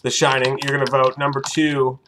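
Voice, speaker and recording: A young man co-hosting a live horror stream and running the audience vote, excitable and profane, bursting into shouts. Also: medium pitch, fairly quick, slight background noise. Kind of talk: crude casual banter.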